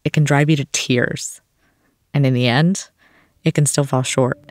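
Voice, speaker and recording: A man's voice: mid-range voice, fairly even intonation, a little slow, a little hiss or hum. A man hosting a podcast, telling a story in scripted documentary narration with a wry touch. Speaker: podcast host.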